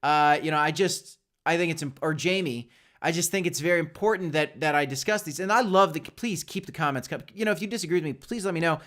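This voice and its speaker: Talking fast in a slightly high, fairly bright voice, a man hosts a live crypto stream. He offers casual, opinionated commentary straight to viewers, repeatedly restarting and correcting himself.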